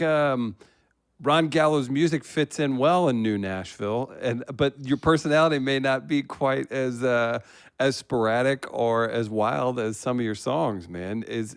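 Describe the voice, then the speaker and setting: A male host from St. Louis chats his way through a live-stream interview. His questions ramble and circle before landing. His voice is smooth and resonant, recorded close and dry. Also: mid-range voice, no room sound. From St. Louis, USA.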